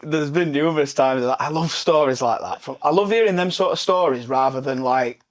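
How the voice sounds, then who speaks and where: A man's voice: on the high side, a little fast. A man hosting a casual podcast chat, telling stories animatedly and laughing often. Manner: animated storyteller, laughs often, acts out swearing managers. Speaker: podcast host.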